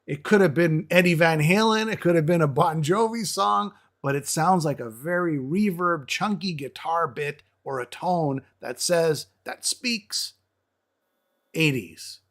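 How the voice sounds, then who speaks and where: A man with a somewhat high speaking voice eagerly walks through a song's music in casual review chat. He explains things step by step and stumbles over his words now and then. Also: measured pace, a bit bright. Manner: enthusiastic, explains the music, stammers at times. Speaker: co-host of a metal music show.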